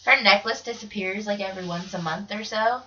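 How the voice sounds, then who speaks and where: A woman co-hosts a casual podcast and chimes in with short remarks. Her tone is bright and sharp. She sits away from the mic on dull lo-fi audio with a faint hiss. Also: medium pitch, fairly quick. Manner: brief chiming-in remarks. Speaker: podcast co-host. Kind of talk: casual chat. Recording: dull lo-fi sound from a distance with faint noise.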